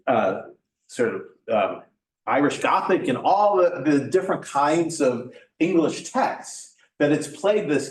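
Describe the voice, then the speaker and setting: A man giving a workshop talk in an informal lecture style, halting often with fillers and restarts. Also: fairly high pitch. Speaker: workshop presenter. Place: church meeting room. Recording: echoey room, mic at a distance.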